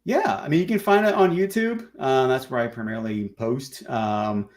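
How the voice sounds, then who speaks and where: A man who makes documentaries, a guest in a casual interview chat, talking in a relaxed, rambling way with many fillers. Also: mid-range voice, normal speed.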